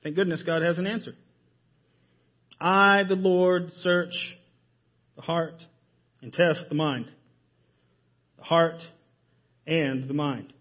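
A man preaching a sermon in a church, emphatic and full of rhetorical questions, often dropping his voice low to stress a point. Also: fairly even intonation, slow, pauses often, lo-fi sound. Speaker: pastor. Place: church sanctuary.

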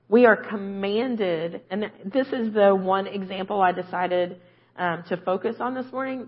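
Husky woman preaching a casual sermon. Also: on the low side, muffled recording. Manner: conversational, often adds "right?". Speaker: guest preacher.

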